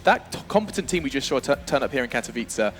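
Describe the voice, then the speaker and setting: A man's voice: mid-range voice, sing-song, quick pace, soft background music. A man hosting an esports analysis desk, energetically steering questions to his panelists. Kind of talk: fast studio analysis chat.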